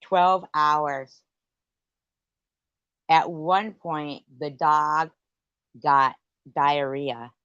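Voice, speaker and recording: Woman host, deep and slow-talking, swearing through a loose, rambling late-night stream rant on dull lo-fi audio. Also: fairly even intonation, fairly bright tone, smooth, dry recording. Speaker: livestream host.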